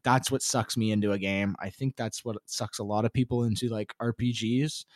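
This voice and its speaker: A man co-hosting a casual gaming chat, talking in a relaxed, rambling way full of fillers. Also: fairly low pitch, brisk, no echo, studio quality. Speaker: podcast co-host.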